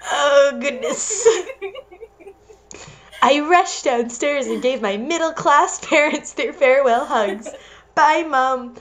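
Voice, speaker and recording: A young woman reads a story aloud for laughs. She keeps breaking off into giggly side comments. Her voice sits a little high. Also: animated, takes it slowly. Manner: giggly, interrupts herself with asides. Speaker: reader and co-host. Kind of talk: comedic dramatic reading with commentary.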